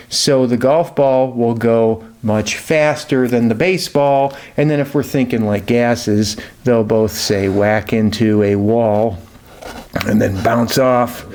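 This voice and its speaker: A man teaches chemistry in a relaxed, conversational way, sprinkling in jokes and everyday examples. His voice sits at a middle pitch for a man. He talks loosely, with plenty of "uh" and "you know". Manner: jokey, conversational, many fillers. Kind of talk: casual lesson.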